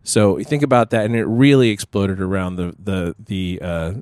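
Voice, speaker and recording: A middle-aged man co-hosting a podcast in casual chat, telling a story in a meandering way with many pauses and restarts. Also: low voice, steady tone, a little mellow, smooth, no room sound, clean studio sound. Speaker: podcast co-host.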